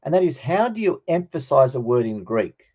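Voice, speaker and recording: A man's voice: mid-range voice, big pitch swings, moderate pace, dark tone, breathy edge, muffled recording. A man teaching a Greek grammar class, explaining patiently and checking in with his students.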